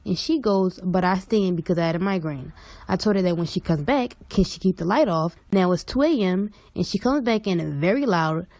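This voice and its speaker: Gravelly, low-voiced young woman. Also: darkish tone, dry recording. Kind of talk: casual storytime.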